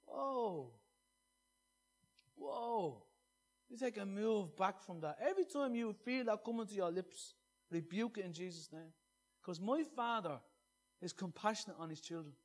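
Male preacher with a high voice, earnest, shifting from loud emphasis to hushed scripture. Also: animated, unhurried, long pauses. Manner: earnest, swinging between loud emphasis and soft hushed reading. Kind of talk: sermon.

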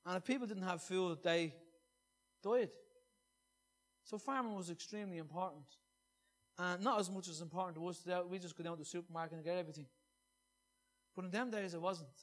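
Male preacher with a high voice, earnest, shifting from loud emphasis to hushed scripture. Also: fairly quick, pauses often. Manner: earnest, swinging between loud emphasis and soft hushed reading. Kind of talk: sermon.

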